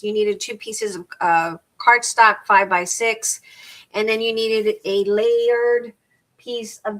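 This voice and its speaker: Over poor audio, a middle-aged woman with a medium-pitched, fairly bright voice rambles casually while crafting on a live stream. She reads out measurements, often repeating or restarting her words.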